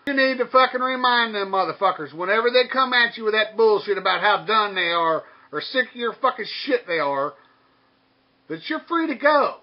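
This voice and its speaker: A man's voice: high voice, animated, moderate pace, lo-fi sound. A man delivering a blunt, heated, profanity-filled rant as a vlogger. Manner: blunt, crude, heated, swears constantly. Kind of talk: profane ranting monologue.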